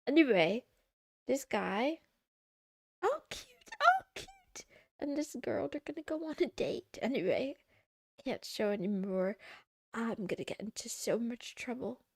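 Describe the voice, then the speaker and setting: A young woman streaming from home, chatting casually with her viewers in a playful way, with the odd meow and high squeals when she gets excited. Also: moderate pace, husky, dry recording, clean studio sound. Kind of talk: casual chat with live chat.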